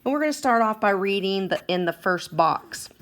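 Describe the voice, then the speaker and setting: A woman's voice: mid-range voice, lively intonation, normal speed, fairly bright tone. A woman teaching a second grade phonics lesson, patient and encouraging as she sounds out words for children.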